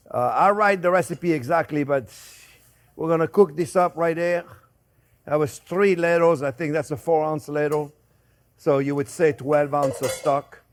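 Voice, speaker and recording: An older French-accented chef talks viewers through a recipe in a chatty, joking way. His voice sits a little high for a man and swings up and down with lively expression. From France. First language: Italian and French. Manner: chatty, joking, animated, addresses viewers as friends. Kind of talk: cooking demonstration. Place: kitchen.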